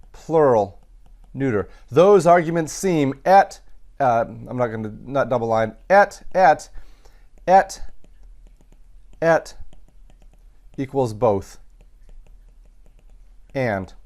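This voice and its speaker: Slow, methodical male Latin teacher. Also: mid-range voice, a little mellow. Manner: methodical, parsing aloud with frequent fillers. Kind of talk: recorded grammar lesson.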